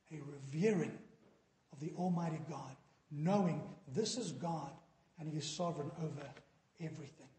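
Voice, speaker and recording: The preacher has a high, mellow voice, and his sermon echoes with long reverb around the church sanctuary. He earnestly poses questions to the people gathered there.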